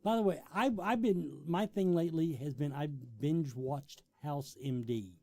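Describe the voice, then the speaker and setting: A man's voice: on the high side, a little slow, darkish tone. A man hosting an interview show, joking with his guest and reading event plugs. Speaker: talk show host. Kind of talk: casual interview and promo reads.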